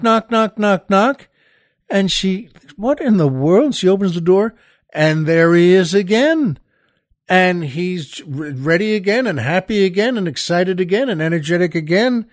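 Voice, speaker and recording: A man's voice: sits high, dry recording, clean studio sound. A man hosting a show, telling a joke in a chatty, folksy way with plenty of fillers. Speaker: show host.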